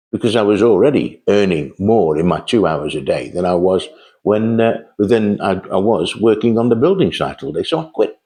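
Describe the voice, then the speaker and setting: Older man, very low voice, chatty rambling storyteller, casual monologue. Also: a little mellow. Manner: chatty, rambling, anecdotal with restarts. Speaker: host telling sales stories.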